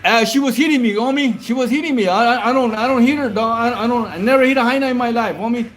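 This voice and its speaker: Speaking very fast in a very high, slightly bright voice, this Whittier livestream host talks profanely and casually to his audience late at night while he eats at home. He addresses viewers as bro and homie, in true Southern California fashion.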